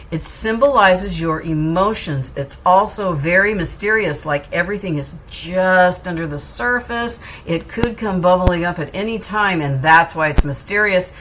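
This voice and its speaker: A woman's voice: fairly low pitch, noisy background. Earnest, reassuring woman tarot reader. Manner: earnest, reassuring, repeats phrases for emphasis. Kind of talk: tarot reading to camera.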